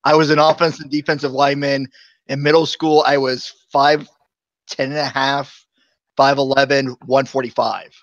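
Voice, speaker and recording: A man's voice: mid-range voice, flat delivery, normal speed, dry recording, muffled recording. A man chatting casually on a live show, telling long rambling stories and chuckling often.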